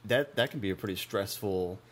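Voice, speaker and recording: A man hosting a casual interview, telling a story in a halting, rambling way. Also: lowish voice. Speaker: podcast host. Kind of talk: casual chat.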